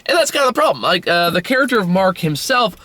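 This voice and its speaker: Young male film reviewer, worn out, talks in loose, swearing asides, bright forceful tone, fairly high voice, dead-dry sound. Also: very animated, fast, no echo. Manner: rambling, swears freely, frequent restarts. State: tired. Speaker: movie reviewer. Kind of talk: casual solo film review.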